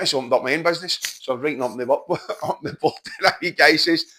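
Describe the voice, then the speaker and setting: A Scottish man, a mindset coach, telling stories in casual podcast chat, animated and swearing freely. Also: fairly high pitch, fast, background noise. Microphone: podcast microphone.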